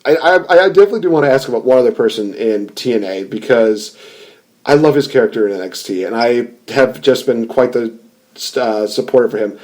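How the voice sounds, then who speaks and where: A man's voice: medium pitch, lively intonation, brisk, a little mellow. A man hosting a podcast, chatting casually, rambling and laughing often. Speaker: podcast host. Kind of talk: casual chat.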